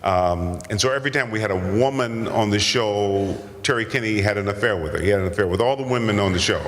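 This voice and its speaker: A man's voice: on the low side, quick pace, few pauses, a bit bright, a little hiss or hum. Older man rambling through stories in a hall. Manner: rambling, self-deprecating, restarts often. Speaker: guest actor. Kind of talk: convention Q&A storytelling. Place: large convention hall. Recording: convention hall with long reverb.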